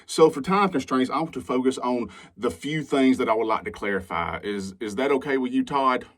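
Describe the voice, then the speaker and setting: A man's voice: medium pitch, expressive, fairly quick. A man with a Southern accent giving a sarcastic, heated response video commentary. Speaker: YouTube commentator.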